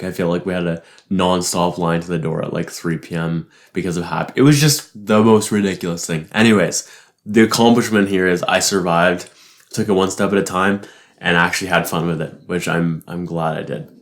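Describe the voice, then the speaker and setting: Deep-voiced young man, profane and rambling. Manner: profane, rambling, laughs easily. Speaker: vlogger. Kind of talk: casual reflective monologue.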